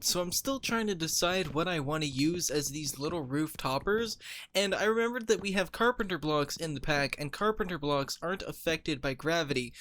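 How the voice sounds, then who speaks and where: A man giving casual commentary over his own gameplay, thinking out loud about his build and laughing easily. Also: fairly high pitch. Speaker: Minecraft let's player.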